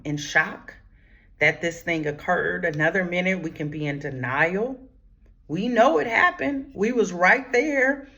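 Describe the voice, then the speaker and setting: A woman grief therapist hosts a talk on grief for her channel, speaking emphatically and preacherly, addressing listeners directly with "y'all." Her medium-pitched voice drops to hushed whispers one moment and rises to forceful lines the next.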